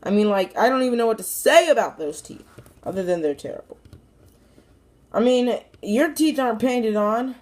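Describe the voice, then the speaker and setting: A woman with a fairly high voice reviews a toy in a loose, chatty way. She rambles and jokes with her viewers, and now and then she talks straight to the toy itself. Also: expressive, normal speed, a little mellow. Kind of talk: casual review talk to camera.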